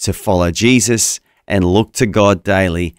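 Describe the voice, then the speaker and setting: An upbeat Australian man co-hosting morning radio, talking in quick, cheerful bursts. His voice is smooth and resonant, close to the studio mic with a dry sound. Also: low voice, no echo. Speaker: radio co-host. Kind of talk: casual breakfast radio chat. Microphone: studio microphone.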